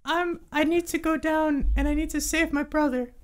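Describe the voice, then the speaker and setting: A woman voicing a small, timid male kobold in a tabletop game, with a very high, squeaky voice and nervous stammering. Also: steady tone, normal speed, natural voice. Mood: earnest.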